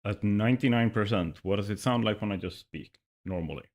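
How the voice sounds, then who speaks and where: This lisping streamer speaks briskly in a lowish voice, checking his microphone on a livestream and muttering to himself as he fiddles with settings.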